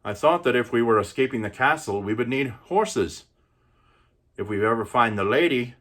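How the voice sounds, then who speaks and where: Man doing a big gentle simple giant, slow and earnest, husky. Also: mid-range voice, animated. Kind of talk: one-man film recital.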